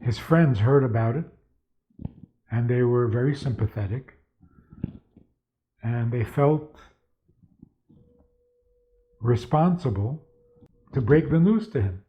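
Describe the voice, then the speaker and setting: A man's voice: mid-range voice, takes it slowly, pauses often. Man, rabbi, lecturing, asks rhetorical questions, tells stories, thin phone-like audio. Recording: tinny phone-like sound.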